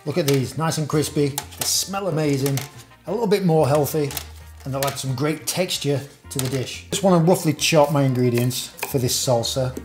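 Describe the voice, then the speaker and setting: Brief: upbeat Yorkshire cook, a touch high-pitched, roomy kitchen sound. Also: male voice, normal speed. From Yorkshire, England. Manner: chatty and upbeat, talking through each step. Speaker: chef and cooking show host. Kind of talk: casual cooking video narration. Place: home kitchen. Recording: echoey kitchen with faint music. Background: faint background music.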